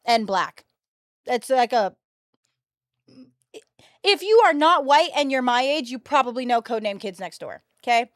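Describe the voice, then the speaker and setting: Young woman streaming, chatty slangy storyteller, kinda high voice, dry close mic. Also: lively intonation, unhurried, long pauses, fairly bright tone, dry recording. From United States. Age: 22, early 20s. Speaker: livestreamer. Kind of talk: casual chat to stream viewers.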